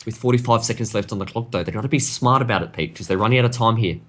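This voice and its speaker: A man's voice: lowish voice, very fast, fairly bright tone. A man giving analytical color commentary on a live esports match, breaking down tactics in detail.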